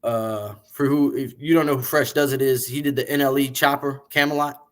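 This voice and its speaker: A man being interviewed, telling long, animated, profane stories about the music business in a casual way. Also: medium pitch, fairly quick. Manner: animated, profane, rambling storyteller. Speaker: interview guest, music industry figure.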